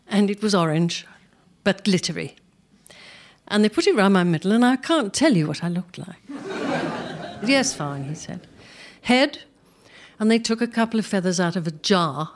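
An older woman telling career anecdotes to a live audience, animated, acting out what people said and laughing often. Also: fairly low pitch. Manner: animated, acts out quoted speech, laughs often. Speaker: performer telling career stories.

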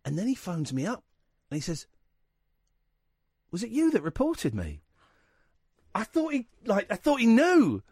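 Male radio host, lively storyteller, dry close studio sound. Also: sits high, unhurried, pauses often, husky, dry recording. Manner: rambling, animated anecdote-telling with quoted voices. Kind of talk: casual radio chat, storytelling.

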